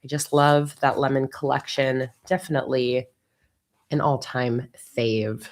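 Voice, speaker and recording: Woman host, low voice, upbeat chatty livestream greetings at her desk. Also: fairly even intonation, unhurried. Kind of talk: casual livestream chat.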